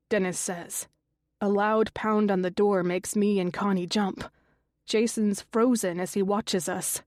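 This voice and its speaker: Slow, measured woman narrating a thriller. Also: steady tone, darkish tone, dry recording, clean studio sound. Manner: slow, measured reading with lifted pitch for quoted characters. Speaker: audiobook narrator. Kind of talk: scripted narration.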